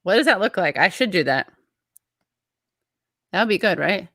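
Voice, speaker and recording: A woman hosts a relaxed chat show, rambling and cutting herself off as she reads viewer comments aloud. Her voice sits a little low yet comes across bright and forward. The sound is dry and close, with no room echo. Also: moderate pace. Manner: chatty, rambling, breaks off mid-thought. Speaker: show host. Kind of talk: casual livestream chat, reading viewer comments.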